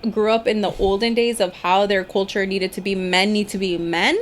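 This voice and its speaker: A woman's voice: mid-range voice, fairly even intonation, normal speed. A young woman talking frankly as a podcast guest, blunt and swearing freely in casual chat.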